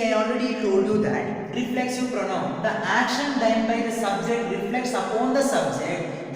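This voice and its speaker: A woman teacher with an Indian English accent giving a grammar lesson, speaking deliberately and repeating each example for emphasis. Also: fairly high pitch. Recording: echoey, reverberant room, mic far off.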